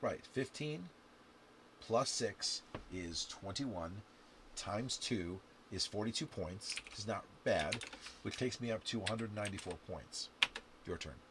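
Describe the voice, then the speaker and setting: A man playing a dice game on camera, counting scores aloud and chatting to the viewer with sudden loud outbursts. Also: fairly low pitch, slow pace. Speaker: game instructor. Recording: steady background noise with clicks and typing.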